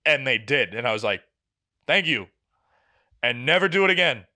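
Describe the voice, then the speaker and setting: A young man in his twenties telling a long story on a casual podcast, profane and animated, acting out what people said. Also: mid-range voice, moderate pace. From New England. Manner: animated, profane, acts out quotes. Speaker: podcast co-host.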